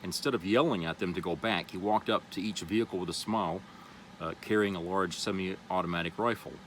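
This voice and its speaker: Brief: deep-voiced male vlogger, reads an article then rambles with fillers, faint vehicle hum behind. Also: a little fast, a bit bright, rough recording. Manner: loose and rambling, with many "you know" fillers. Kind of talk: reading an article aloud, then casual commentary.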